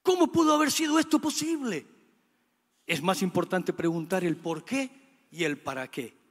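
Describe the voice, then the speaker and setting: A man preaching a sermon in an earnest, measured way. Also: high voice, animated, fairly bright tone, husky. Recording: reverberant hall.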